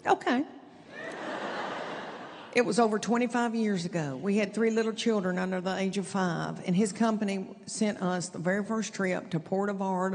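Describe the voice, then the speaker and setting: A middle-aged woman from East Tennessee with a Southern accent, telling chatty, self-deprecating stand-up stories in a drawn-out folksy way. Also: mid-range voice, background noise. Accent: Southern American (East Tennessee). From East Tennessee, USA. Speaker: stand-up comedian. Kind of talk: stand-up storytelling. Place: large theater stage with audience. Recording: long hall reverb, clear audience ambience.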